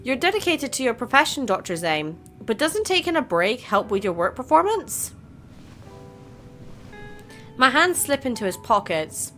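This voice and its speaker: Bright-voiced woman gamer chatting. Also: sits high, big pitch swings, normal speed, long pauses, soft background music. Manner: chatty, reads story aloud and reacts. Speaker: gaming channel host. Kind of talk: casual game playthrough commentary.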